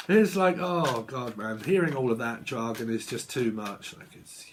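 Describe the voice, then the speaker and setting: A man's voice: mid-range voice, measured pace, slight background noise. A man talking as a tarot reader in a blunt, sweary casual vlog rant, laughing often.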